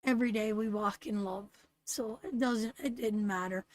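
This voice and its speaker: A woman's voice: mid-range voice, normal speed, no room sound. A middle-aged woman from Canada hosting a live tarot stream, giving blunt, salty pep talks to her viewers. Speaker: tarot reader and host.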